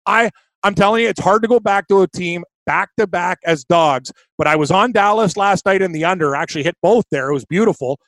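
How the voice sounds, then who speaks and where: Confident Canadian male co-host, higher voice, dry studio sound. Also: a little fast, fairly bright tone, no room sound. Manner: confident, emphatic picks talk. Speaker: sports betting podcast co-host. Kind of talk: casual sports betting chat.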